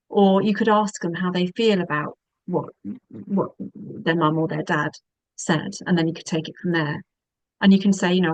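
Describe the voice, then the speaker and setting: Woman, low-pitched, measured webinar advice, dry close sound. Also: dry recording, rough recording. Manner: calm, measured, with frequent ums. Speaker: divorce and separation specialist.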